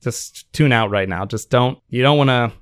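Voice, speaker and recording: A man's voice: medium pitch, normal speed, clean tone. A man on a sports podcast, ranting in a heated, profane and sarcastic way. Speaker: podcast co-host.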